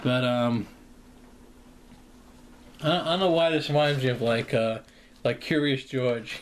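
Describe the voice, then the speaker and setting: A man's voice: a little slow, long pauses, a little hiss or hum. A man rambling casually through a product vlog, full of ums and likes, joking and breaking into short acted-out bits of imagined dialogue. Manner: jokey, acts out imagined dialogue in high squeaky voices; filler-heavy with frequent ums and likes. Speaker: vlogger reviewing a product.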